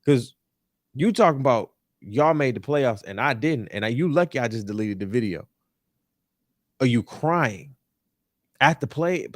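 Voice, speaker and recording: A man's voice: medium pitch, animated, a little slow, long pauses, dry recording, clean studio sound. A young man hosting a sports talk show, ranting in an emphatic, repetitive, exasperated way. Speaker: podcast host. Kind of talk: animated sports talk rant. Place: New York.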